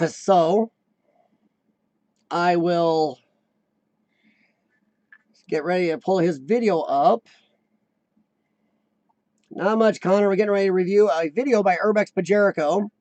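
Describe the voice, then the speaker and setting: A man's voice: high voice, takes it slowly, long pauses, a little mellow, no room sound. An American man hosting a casual live stream, chatting loosely with viewers and reading their comments aloud. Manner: chatty, rambling, reads chat aloud.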